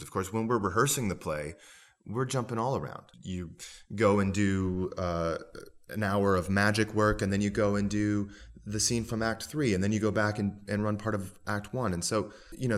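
A man, a stage actor, talking in an interview in a rambling, hesitant way with many fillers. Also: sits low. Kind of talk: interview conversation.

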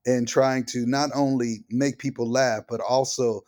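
An older man, a comedian guest on an interview, telling personal stories in a lively, animated way and acting out the voices of the people in them. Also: medium pitch, a little slow. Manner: vivid storyteller who acts out the voices in his stories.

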